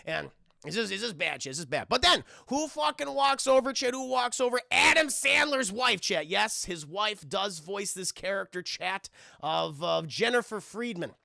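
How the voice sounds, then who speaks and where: A man's voice: high-pitched, expressive, normal speed, gravelly, pushed and bright, no echo, clean studio sound. A man casually reviewing a film on a livestream, rambling, swearing and often addressing his chat.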